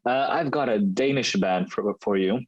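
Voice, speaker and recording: A man with a fairly low voice, co-hosting a casual review podcast. He rambles loosely, restarting his sentences as he thinks aloud. The sound is close and dry, with no room around it. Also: normal speed, no room sound, dull audio. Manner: relaxed, rambling, with frequent restarts. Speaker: podcast co-host.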